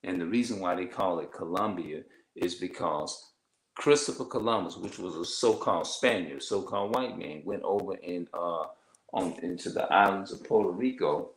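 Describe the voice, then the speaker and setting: A man giving informal religious teaching, halting and repeating himself as he reads from notes. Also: low voice, reverberant, low-quality recording.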